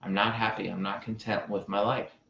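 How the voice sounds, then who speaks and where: A man putting on a restless rich man, out of shape and never satisfied, in a lowish voice. The sound is roomy and a touch muffled. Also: little pitch movement, normal speed, creaky, pushed and bright, a little hiss or hum. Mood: troubled. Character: unhappy wealthy out-of-shape man. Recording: roomy, slightly dull sound.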